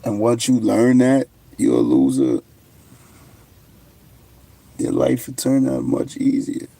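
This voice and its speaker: A man's voice: mid-range voice, sing-song, takes it slowly, gravelly, warm tone. A young man, hosting a casual livestream, answering viewers with brash, boastful trash talk. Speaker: livestream host.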